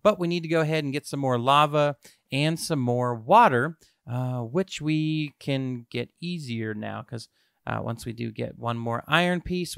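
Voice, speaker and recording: Young guy yapping thru a game, excited, pokes fun at himself, bright clear voice, dry close mic. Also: medium pitch, dry recording. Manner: excitable, self-mocking, talks to viewers. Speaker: gaming YouTuber. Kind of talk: casual let's-play commentary.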